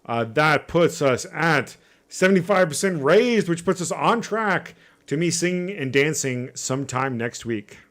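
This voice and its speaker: A man's voice: a little high, expressive, measured pace, a bit bright. A man streaming live, reading a game's text aloud with casual asides to chat.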